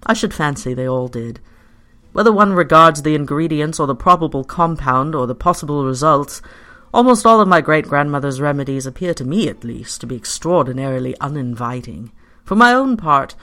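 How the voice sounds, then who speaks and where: A bright, crisp-toned storyteller doing scripted first-person narration, measured and expressive, sometimes slowing and dropping to a hush for effect. The pitch sits in a middle register.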